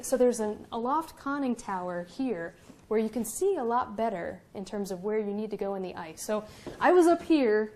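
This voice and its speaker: A young woman, a Coast Guard officer, giving a public lecture in a museum with lively, self-mocking stories. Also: on the high side.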